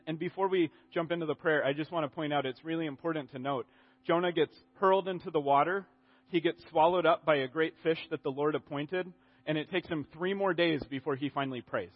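A man preaching a sermon in an animated way, acting out the quotes and often restarting his sentences. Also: on the high side. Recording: dull audio in a reverberant hall.

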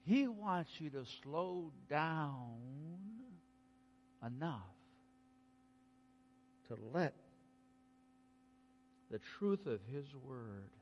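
A man preaching a sermon, slow and emphatic, dropping to a hush and then rising to exclaim. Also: medium pitch, dull audio, a little hiss or hum. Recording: long hall reverb.

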